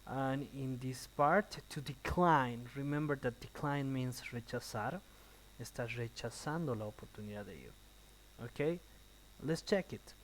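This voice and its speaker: A male English teacher talking through a recorded lesson. He explains each phrase slowly with a few ums, then translates it in a quick burst. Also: mid-range voice, a little hiss or hum, low-quality recording. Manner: thinking out loud with uh and um. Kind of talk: recorded online class, switching between English and Spanish.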